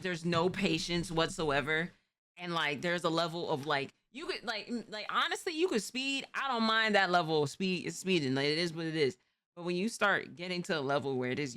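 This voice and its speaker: Bright-voiced woman from New York. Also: low voice. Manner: rambling, slangy, many restarts. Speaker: streamer host. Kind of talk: casual stream chat.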